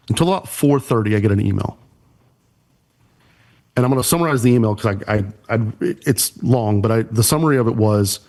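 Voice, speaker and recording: Guy on a podcast telling his story, kinda low voice, gets emotional, earnest. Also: fairly quick, a little mellow. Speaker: church production pastor, guest.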